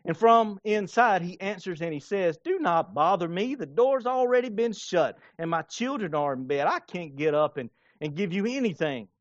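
Animated high-voiced male pastor preaching. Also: normal speed, hardly any pauses, dry recording, muffled recording. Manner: animated, acts out scenes with playful voices and laughter. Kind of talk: sermon.

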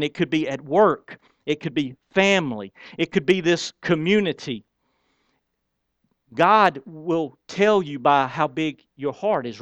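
A man's voice: a little high, dry recording. A man who is a pastor preaching a sermon in a folksy, emphatic way with casual slang.

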